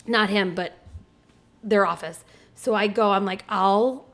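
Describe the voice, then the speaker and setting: Brief: thirties woman, casual podcast storyteller, candid, swears, acts out quoted people, average pitch. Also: unhurried, a bit bright.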